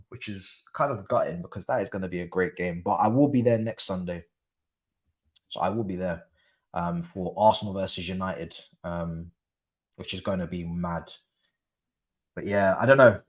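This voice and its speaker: Excitable young streamer. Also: male voice, fairly low pitch. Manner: excitable, slangy, chatting with live chat. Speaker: watchalong streamer. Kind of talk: live football watchalong commentary.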